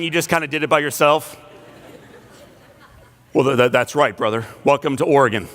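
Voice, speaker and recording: A man delivering an inspirational speech to a large breakfast crowd in a banquet hall, telling a personal story with playful asides and hushed, emotional moments. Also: on the high side, slight background noise. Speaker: inspirational speaker.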